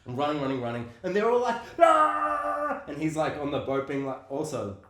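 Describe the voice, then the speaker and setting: A man co-hosting a casual movie chat, animated and laughing often as he acts out scenes. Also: medium pitch, quick pace. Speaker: podcast co-host. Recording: roomy echo.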